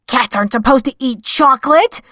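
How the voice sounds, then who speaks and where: A woman's voice: high-pitched, a little fast, sharp tone, dry recording, studio quality, voice pushed up. A woman voicing a huffy, complaining male talking cat in a storybook reading. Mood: fussy. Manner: whiny, aggrieved.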